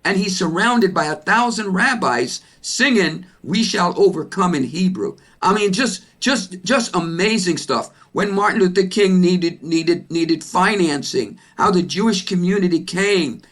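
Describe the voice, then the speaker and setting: A man speaking as a panel guest on a video call, loud and excited, often repeating words as he builds momentum. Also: sits high, measured pace, few pauses.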